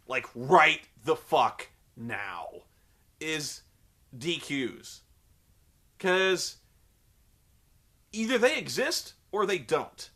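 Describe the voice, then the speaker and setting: A man's voice: on the high side, pushed and bright. A young man recapping a wrestling show in a sarcastic, profane, rambling comedic commentary.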